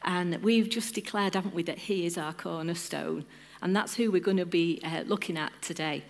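A woman's voice: lowish voice, normal speed. A woman from a church lead team giving an informal sermon, chatting and joking with the congregation and asking them questions. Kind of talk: informal sermon with audience interaction. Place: church service.

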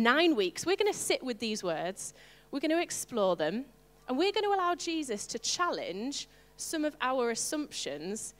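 Lively woman preaching in a hall. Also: on the high side. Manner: animated, playful asides to the congregation. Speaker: pastor. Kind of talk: sermon.

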